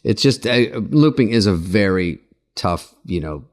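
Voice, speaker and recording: Low-voiced man telling deadpan stories. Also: measured pace. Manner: deadpan storyteller, swears casually. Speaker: podcast co-host. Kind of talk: casual chat, anecdotes.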